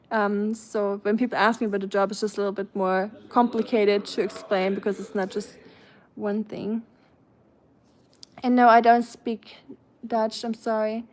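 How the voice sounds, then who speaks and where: A woman's voice: mid-range voice, flat delivery, a little slow. A woman from Germany with a German accent, chatting casually with her livestream viewers from home and thanking them by name. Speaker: livestream host.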